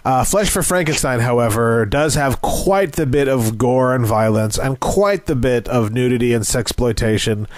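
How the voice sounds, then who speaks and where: A man's voice: medium pitch, moderate pace, hardly any pauses, no echo. A man co-hosting a film podcast, giving a dry, sarcastic wrap-up in casual chat. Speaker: podcast co-host.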